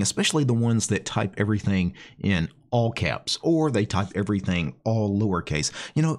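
Male channel host, slightly low voice, casual step-by-step tutorial talk with "you know" and "right?". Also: darkish tone. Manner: explains step by step while typing commands. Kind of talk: casual screen-share tutorial.

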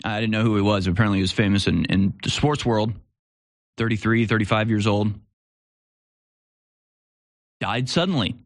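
A man's voice: fairly low pitch, steady tone, normal speed, pauses often, dry recording, clean studio sound. A man hosting a live commentary show, talking in a rambling way with restarts and sarcastic asides. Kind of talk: casual opinion commentary.

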